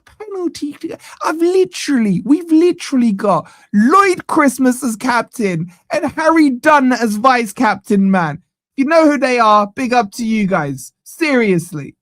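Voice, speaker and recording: A man's voice: extremely high pitch, big pitch swings, unhurried, fairly bright tone, no echo. A man hosting a fan channel, giving live watch-along commentary on a match from a studio, ranting in exasperation and tagging "man" onto nearly every line.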